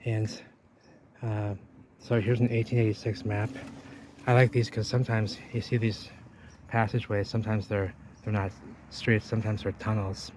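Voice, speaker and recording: A man with a fairly low, level-toned voice talks at normal speed, rambling to viewers in an outdoor exploring vlog as he walks along a river wall and points things out. Background noise is audible.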